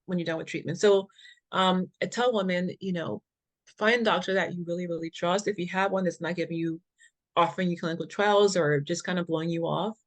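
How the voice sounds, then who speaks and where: A woman who founded a health foundation, telling her story as an interview guest in an earnest, emphatic way and laughing between points. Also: fairly low pitch.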